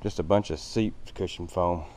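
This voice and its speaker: Low-voiced man touring an old factory. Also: moderate pace, a little mellow. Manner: rambling, plainspoken, with fillers. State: out of breath. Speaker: vlogger touring a building. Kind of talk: casual walkthrough narration. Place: large empty old factory, indoors.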